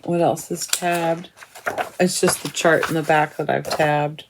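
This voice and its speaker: A woman's voice: low voice, little pitch movement, a little slow, background noise. A woman casually showing her cross stitch chart books to viewers, chatty and admiring, thinking aloud as she flips pages. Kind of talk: casual show-and-tell of craft books.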